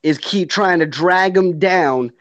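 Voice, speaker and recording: A man in his thirties speaks in an earnest, reflective way during a casual chat and laughs easily along with his partner. His voice sits a touch high. The sound is dull, lo-fi and dry. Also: slow pace, fairly bright tone, dry recording.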